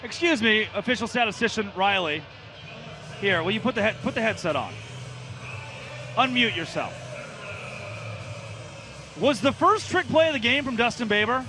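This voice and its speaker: A man calling a live baseball game from the broadcast booth, excitable and jokey, often shouting the big plays. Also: high-pitched, moderate pace, pauses often, faint music behind. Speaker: play-by-play announcer.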